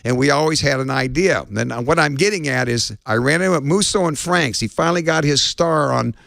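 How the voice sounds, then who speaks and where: A man being interviewed as a guest, telling lively stories and acting out the people in them. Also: a little high, a little fast, vocal fry, dry recording, clean studio sound. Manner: lively storyteller, acts out quotes. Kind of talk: anecdotal storytelling.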